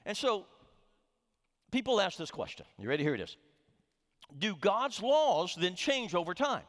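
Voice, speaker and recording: A man's voice: high-pitched, very animated, measured pace, fairly bright tone. A middle-aged man preaching a sermon as a pastor, telling a humorous story with frequent restarts, in a reverberant sanctuary. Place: church sanctuary.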